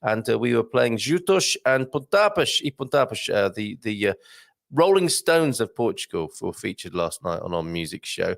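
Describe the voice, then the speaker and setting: A man hosts a live online morning show in casual chat, reading out viewer comments with jokes and puns. His voice is gravelly and swoops lively up and down. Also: fairly low pitch, normal speed, no room sound, studio quality. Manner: jokey and playful, laughs often, puns and put-on voices.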